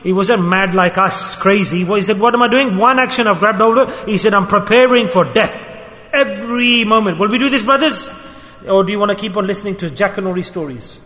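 A man delivers a storytelling sermon, addressing his listeners as brothers and voicing each character's words. His voice sits high and bright. A long reverb hangs on every phrase. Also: brisk. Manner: lively storyteller addressing brothers, acting out quotes. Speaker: preacher. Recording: reverberant hall.

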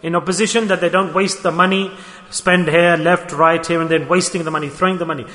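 A man with a fairly high voice delivers a storytelling sermon, earnest and repetitive, pressing his points with rhetorical questions. His words ring out with a long reverb, as if in a large hall. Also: fairly even intonation, fairly quick, pushed and bright. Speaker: preacher.

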